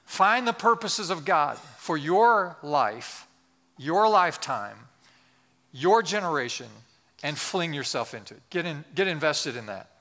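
A male pastor delivering a sermon with a bright, forward tone and a slightly high pitch. He speaks earnestly and exhorts his listeners. He slows right down on the words he wants to land. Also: lively intonation.

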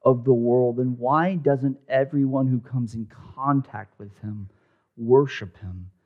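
Male pastor, slow deliberate sermon delivery, drops to hushed whispers for effect, muffled lo-fi audio. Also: medium pitch. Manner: dramatic, swings from loud emphasis to hushed near-whisper.

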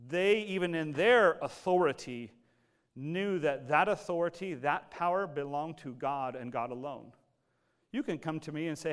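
A male pastor preaching a sermon, animated and conversational, acting out quoted voices as he explains a passage. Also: on the high side, moderate pace.

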